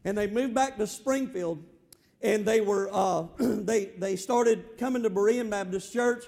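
A man's voice: high-pitched, measured pace, a little mellow. A man with a Southern accent from the Florida panhandle, preaching a fervent sermon as a pastor, with many restarts and rising exhortations.

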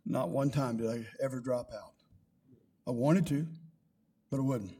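A man's voice: mid-range voice, unhurried, dark tone, husky. An older man, a pastor, preaching a sermon with rising emphasis and quoted scripture.

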